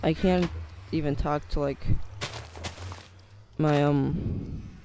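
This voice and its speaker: Teen guy rambling in a vlog, lots of ums, gravelly and kinda mellow, voice cracks. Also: a little high, steady tone, drawn-out words, slight background noise. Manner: hesitant, many fillers and restarts. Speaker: YouTuber. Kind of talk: casual vlog monologue.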